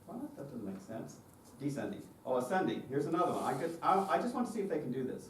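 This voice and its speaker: A man's voice: a little high, sing-song, quick pace, loud music behind the voice. A man presenting a choir directors' workshop, explaining his methods step by step and often checking in with the audience with "okay?". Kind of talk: conference lecture with demonstrations. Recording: roomy and distant with faint noise.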